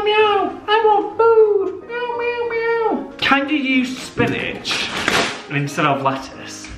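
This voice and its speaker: A young man chats playfully to the camera as he cooks at home, his voice high and bouncing all over the place. He sounds set back from the mic in a roomy kitchen, with clear music playing behind him. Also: fairly bright tone, distant mic. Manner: chatty, playful, talks to the camera while cooking. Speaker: vlogger. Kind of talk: casual food vlog chat.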